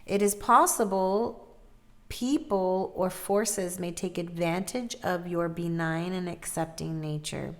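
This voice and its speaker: This is a woman doing a casual tarot reading, and she talks with real passion. She gets loud when she is excited, then pulls herself back down, and she laughs and swears freely along the way. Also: lowish voice, takes it slowly. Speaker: tarot reader.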